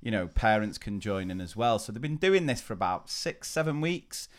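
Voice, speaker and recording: A man in his thirties co-hosts a casual podcast, telling stories in a chatty way. His voice sits a little low and sounds smooth and clear. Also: big pitch swings, normal speed. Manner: storytelling, chatty, laughs often. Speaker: podcast co-host. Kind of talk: casual chat.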